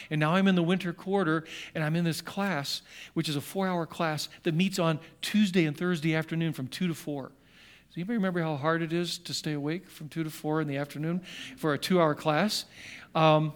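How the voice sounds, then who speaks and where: A man's voice: on the high side, fairly bright tone. A middle-aged man preaching a sermon, telling a story and explaining scripture, with frequent restarts and wry asides. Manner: rambling and self-correcting, with wry asides. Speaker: pastor.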